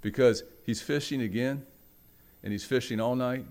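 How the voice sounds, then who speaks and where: A man preaching a sermon, telling a story with dramatic swings from loud, raised passages to hushed ones and acting out the voices in it. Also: medium pitch, steady tone, moderate pace. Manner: acts out the quoted voices in the story. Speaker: pastor.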